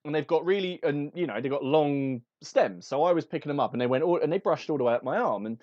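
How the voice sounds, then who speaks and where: A man's voice: on the high side, quick pace, no room sound, dull audio. A man on a casual hobby podcast, telling a rambling anecdote full of restarts and fillers. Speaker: podcast co-host. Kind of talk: casual chat.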